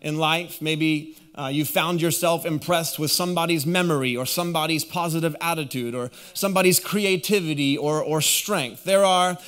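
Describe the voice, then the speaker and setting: Energetic male pastor preaching in church. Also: fairly high pitch, normal speed, hardly any pauses, smooth. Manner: energetic preacher, rallies the congregation to repeat phrases. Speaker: guest pastor. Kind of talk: sermon. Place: church auditorium.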